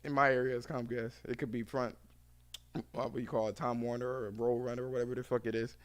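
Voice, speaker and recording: A man hosting a podcast in casual chat, rambling, profane and quick to laugh. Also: medium pitch, little pitch movement, smooth. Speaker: podcast host.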